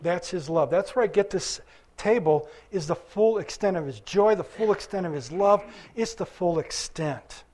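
High-voiced man preaching to a congregation. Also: normal speed, darkish tone. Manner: conversational preaching, quizzing the congregation. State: recovering from illness. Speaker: pastor. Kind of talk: sermon.

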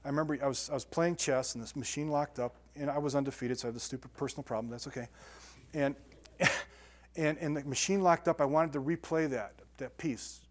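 A man's voice: a little high, brisk. A man preaching to a congregation, talking casually with restarts and then reading scripture with rising emphasis. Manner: conversational, repeats words and restarts, builds to emphatic scripture reading. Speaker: pastor. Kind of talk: sermon.

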